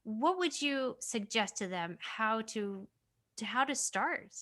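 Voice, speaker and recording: A woman hosting a podcast interview over a video call, warmly asking questions and praising her guest. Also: on the high side, lively intonation, slow pace. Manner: enthusiastic, effusive praise. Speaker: podcast host. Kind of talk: interview chat.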